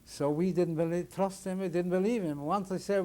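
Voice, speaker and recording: Older man survivor in oral history testimony, somewhat high voice, halting, plain storytelling. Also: dark tone. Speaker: Holocaust survivor interviewee.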